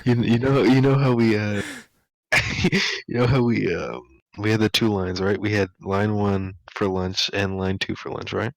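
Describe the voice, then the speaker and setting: A young man with a fairly low voice tells his school stories in a loose, rambling way, stacking up "like" and laughing as he goes. The sound is dry and close, with no room in it. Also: fairly even intonation, unhurried, gravelly, no echo, rough recording. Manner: rambling, laughing, full of "like" fillers. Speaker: podcast co-host. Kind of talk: casual storytelling chat.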